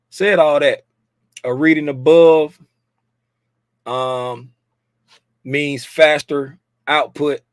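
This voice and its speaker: A man hosting a casual livestream about market futures, talking loudly and playfully, joking with viewers and slipping into sing-song bits, with a desk mic about a foot away. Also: a little high, dry recording, clean studio sound. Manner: playful, chatty, jokes with viewers. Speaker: host reviewing market futures.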